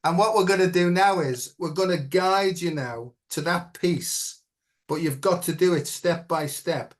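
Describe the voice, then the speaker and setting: Middle-aged male guest, earnest and reflective, voice sitting a bit high, keeps asking "right?". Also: normal speed. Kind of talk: personal story in an interview.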